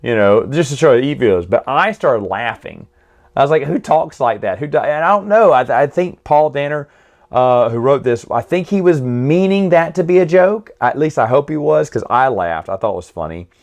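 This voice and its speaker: A man's voice: mid-range voice, sing-song, normal speed. A man casually reviewing comics and stories in a chatty, opinionated way, often correcting himself mid-sentence.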